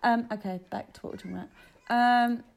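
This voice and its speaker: A woman co-hosting a podcast, chatting excitedly and laughing often. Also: fairly high pitch, a little fast, creaky, a crowd in the background. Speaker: podcast co-host. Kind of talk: casual chat. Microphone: earphones in.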